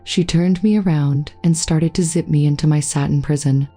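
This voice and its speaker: Low, mellow woman narrating a story. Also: fairly even intonation, normal speed, faint music behind. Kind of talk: scripted narration.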